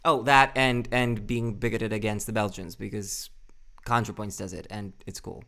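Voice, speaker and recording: Young male streamer, casual and rambling, smooth resonant voice, salty and self-mocking. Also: on the low side, steady tone, normal speed, sharp tone. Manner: rambling, swears a lot, answers chat; self-deprecating, laughs often. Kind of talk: casual live-stream chat.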